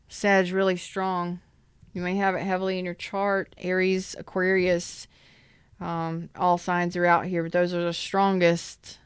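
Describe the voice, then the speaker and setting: A woman's voice: fairly low pitch, clean tone, no room sound, clean studio sound. A woman giving a live tarot reading in a chatty, emphatic way and greeting viewers in the chat. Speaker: tarot reader.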